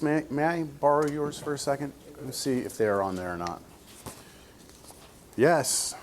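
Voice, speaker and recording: A man's voice: fairly high pitch, a little mellow. Male math teacher lecturing a class, patient step-by-step delivery, light background noise. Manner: explains step by step, checks in with "right?".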